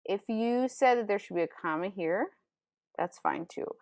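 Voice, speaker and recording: A woman teacher giving a recorded remote writing lesson, patiently explaining step by step and reading example sentences aloud with pronounced pauses. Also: mid-range voice, no echo, clean studio sound. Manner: patient, explains step by step, calls students scholars and friends.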